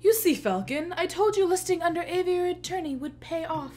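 A woman's voice: very high voice, brisk, dark tone, soft background music, pitched above the performer's own voice. A woman voicing a small, eager male sparrow assistant with a fawning manner.

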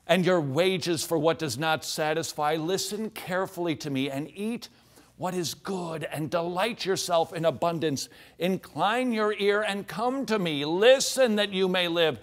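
A man's voice: high-pitched, unhurried. A middle-aged man teaching from the Bible on a show, reading scripture aloud and dropping in jokey asides.

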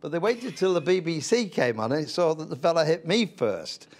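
A man's voice: fairly high pitch, normal speed. An older man, a retired politician, telling blunt anecdotes as an interview guest. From England. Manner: blunt, lively storyteller. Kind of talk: anecdotal storytelling.

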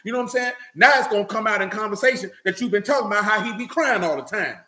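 A preacher with a high-pitched, bright, forceful voice talks in an animated, rapid-fire way in an echoey room. His sermon is loose and conversational, addressed directly to listeners, and he keeps checking they follow with "you know what I'm saying."

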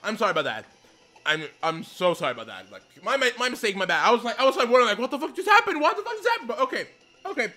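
A young man giving casual commentary while playing a video game, excitable and swearing, with many apologies. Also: high-pitched, very fast. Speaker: let's play gamer. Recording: game music behind the voice. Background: faint game music.

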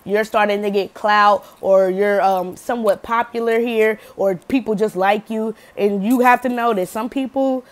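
A woman's voice: mid-range voice, steady tone, normal speed, hardly any pauses. A woman doing a casual pick-a-card tarot reading, slangy and profane, checking in with the viewer and laughing often. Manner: slangy, cusses freely, laughs often, acts out quotes loudly; says "okay?" often to the viewer.

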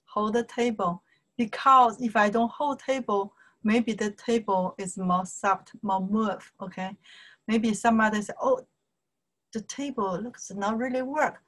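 A woman teaching Chinese in a slow lesson, drawing out syllables and checking in with "okay" all the time, in simple English as a native Chinese speaker. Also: mid-range voice, a bit bright, rough recording. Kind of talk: slow whiteboard language lesson.

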